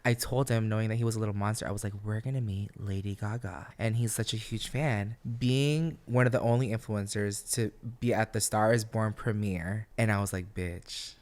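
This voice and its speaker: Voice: mid-range voice, steady tone, brisk, hardly any pauses, darkish tone. A podcast host interviewing a guest in casual chat, upbeat and playful, swearing casually.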